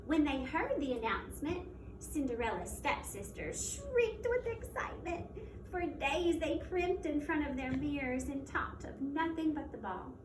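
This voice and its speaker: A woman teacher reads a children's fairy tale aloud, expressive and measured. Her voice is quite high. It sounds echoey and distant, with a faint hum behind it. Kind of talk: storybook read-aloud. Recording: echoey room, mic at a distance, faint background noise.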